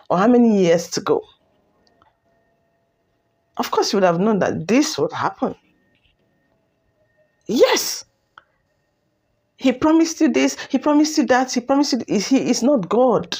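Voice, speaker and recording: A woman's voice: mid-range voice, darkish tone, breathy edge. A woman hosting a commentary channel, scolding and mocking with lots of repetition. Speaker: commentary host. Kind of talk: opinionated commentary.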